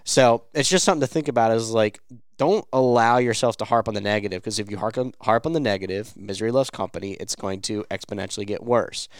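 A man's voice: fairly low pitch, fast talker, smooth, no echo, clean studio sound. A man with an American accent co-hosting a podcast, talking earnestly in casual chat. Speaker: podcast co-host.

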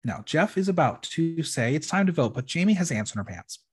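A man hosting a casual podcast, recapping a reality show in an opinionated, expressive way and swearing freely. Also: on the high side, brisk, breathy edge.

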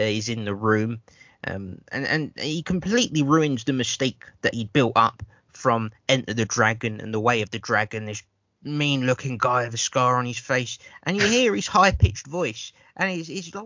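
A man's voice: medium pitch, pushed and bright, no echo. A man hosting a podcast, reviewing a film in a rambling, profane chat that is full of stammered restarts. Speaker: podcast host. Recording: dull lo-fi sound.

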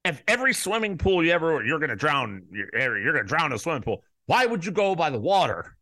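A man hosting a podcast, ranting in a profane, heated monologue that jumps to loud peaks. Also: on the high side, very animated, fairly quick, no room sound, clean studio sound. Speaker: podcast host.

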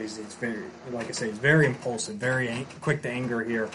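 A man's voice: mid-range voice, fairly even intonation, fast, noisy background. A man casually recapping a story on a podcast, rambling and restarting as he goes. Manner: rambling, many fillers and restarts.

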